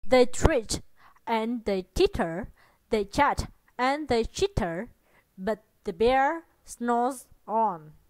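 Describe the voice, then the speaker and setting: A woman from Vietnam reads a children's picture book in English, gently and deliberately. Her voice is slightly high, and she takes each phrase very slowly. The recording is dry and close, with no room sound. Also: animated, no room sound, low-quality recording. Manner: slow, deliberate, gentle reading. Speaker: children's storyteller.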